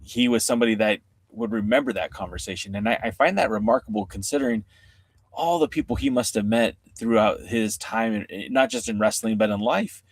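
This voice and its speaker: A man's voice: lowish voice, fairly quick, dry recording. A man hosting a casual interview, agreeing often and reflecting on what the guest said. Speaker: interview host.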